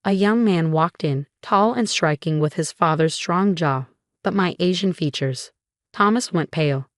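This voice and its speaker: A woman reading a first-person revenge story as scripted narration, calm and measured. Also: fairly low pitch, no echo, clean studio sound.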